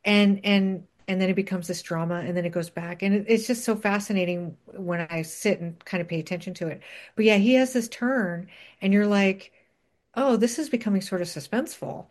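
A woman's voice: medium pitch, steady tone, moderate pace. A woman in casual conversation, talking thoughtfully about what she noticed in a television episode. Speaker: podcast co-host. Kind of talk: casual chat.

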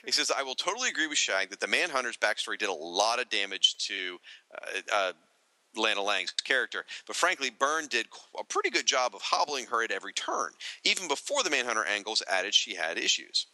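A man's voice: on the low side, sing-song, fairly quick, sharp tone, dry recording, poor audio. A man co-hosting a podcast, reading listener feedback aloud with joking asides to the listeners. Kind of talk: casual podcast chat.

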